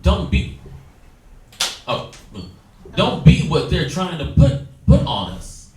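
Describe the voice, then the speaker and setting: A man's voice: high voice, wildly swooping pitch, slow, darkish tone. A man teaching a Bible study class, exhorting his listeners and acting out quoted dialogue. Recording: echoey room, distant mic, faint noise.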